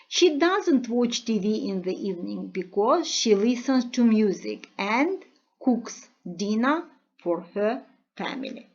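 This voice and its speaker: A woman teaches from a textbook, explaining grammar and vocabulary. She speaks very slowly and deliberately, pausing often, at a middle pitch. The recording sounds dull and lo-fi. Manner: slow, careful explaining with frequent pauses. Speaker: English teacher.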